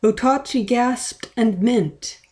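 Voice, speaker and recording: A woman's voice: on the high side, slow pace, a little mellow. A woman reading a fan story aloud in a playful, dramatic way, with small stumbles. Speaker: reader. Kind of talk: read-aloud of fan fiction.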